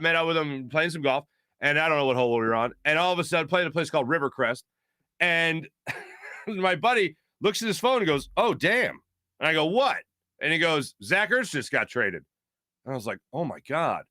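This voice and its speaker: A man's voice: on the high side, pushed and bright, clean tone, no room sound, clean studio sound. A man from the Philadelphia area hosting a sports talk show, speaking earnestly and emphatically about his city. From Philadelphia area, USA. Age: adult with young children.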